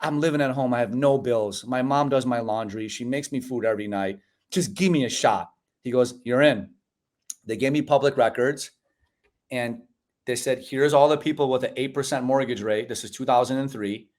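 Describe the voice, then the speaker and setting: A man's voice: mid-range voice, moderate pace. A man in his forties, a guest telling his story in a casual interview over a video call, acting out voices and saying "bro" and "man". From United States (Chicago). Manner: animated storyteller, acts out quoted dialogue, says "bro" and "man". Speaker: podcast guest.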